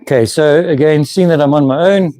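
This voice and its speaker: A man's voice: fairly high pitch, brisk, dark tone, no room sound, faint music behind. A man hosting a woodworking live stream, chatting casually with viewers, laughing often and restarting his sentences. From South Africa. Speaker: woodworking channel host. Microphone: camera mic, moving handheld camera.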